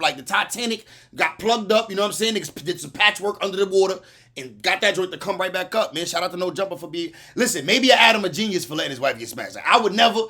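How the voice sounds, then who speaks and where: A young man hosting a reaction video, talking in casual slang with animated disbelief. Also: high-pitched, husky.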